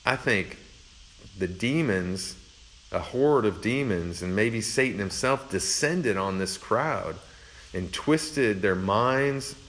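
A man's voice: fairly low pitch, animated, slow, a bit bright. A man preaching a Bible teaching in a conversational, reflective way, with frequent fillers.

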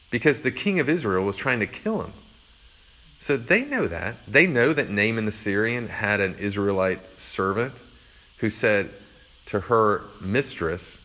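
A man's voice: fairly low pitch, big pitch swings, measured pace, pushed and bright, rough recording. A man giving a conversational sermon, explaining a passage verse by verse with earnest asides. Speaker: pastor.

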